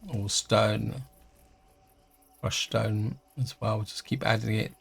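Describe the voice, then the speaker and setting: A middle-aged man giving casual let's-play commentary, chatty and hesitant, thinking aloud with many pauses. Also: fairly low pitch, flat delivery, vocal fry, breathy edge, soft background music. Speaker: gaming channel host.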